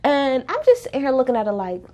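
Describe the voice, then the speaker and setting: A woman's voice: sits high, huge pitch swings, fast talker, dark tone, highs cut off. A woman giving casual, opinionated commentary in a reality TV recap, talking bluntly and with sass, repeating her points for emphasis.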